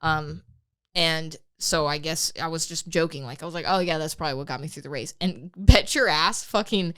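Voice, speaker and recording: A young woman co-hosting a podcast, telling a story in a casual, animated way, swearing freely and laughing as she goes. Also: low voice, moderate pace, clear, resonant tone. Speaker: podcast co-host.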